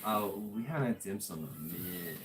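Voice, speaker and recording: A woman's voice: very deep voice, lively intonation, fast talker, over a noisy crowd. A young woman co-hosting a livestream, bantering playfully and cracking jokes with sudden outbursts. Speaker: livestream co-host. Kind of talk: casual chat.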